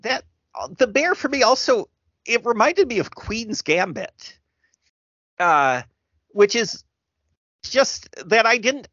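Middle-aged man, casual chat, halting restarts, bright tone, dry dead sound. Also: very high-pitched, expressive, no room sound, highs cut off. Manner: halting, reflective, many restarts.

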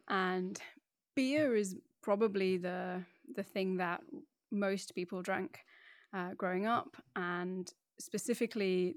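A woman from Northeast England, speaking in a polished standard English accent as a podcast guest, telling stories in a chatty, animated way. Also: mid-range voice, no echo, clean studio sound. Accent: neutral southern English. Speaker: podcast guest, wine educator. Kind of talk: casual interview chat.

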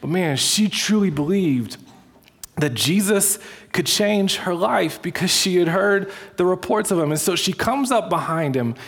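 A man's voice: high-pitched, unhurried, husky. Man preaching a conversational sermon. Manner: conversational, animated storytelling with many restarts. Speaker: pastor.

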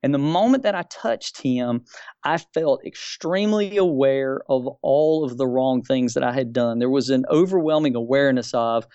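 A man's voice: medium pitch, normal speed, a little mellow, smooth, no echo, dull audio. A man in his fifties telling a personal religious experience as a debate guest, earnest and groping for words. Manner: earnest, searching for words, repeats key phrases.

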